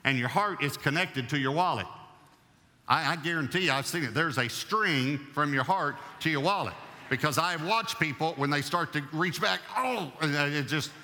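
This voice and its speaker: A man preaching a sermon as pastor, emphatic and repeating key phrases, slowing down to read scripture. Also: a little high, pushed and bright. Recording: long hall reverb.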